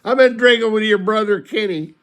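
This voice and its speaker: A man voicing his drunk, crying former boss, pitching his voice up in a blubbering, earnest way. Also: normal speed, creaky. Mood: aggrieved. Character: drunk, tearful male boss, apologetic.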